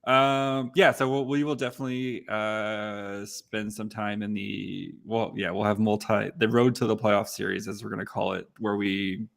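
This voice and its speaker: A man's voice: lowish voice, flat delivery, moderate pace, gravelly, few pauses, a bit bright. A man co-hosting a casual live podcast, recapping in a rambling way with lots of fillers. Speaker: podcast co-host.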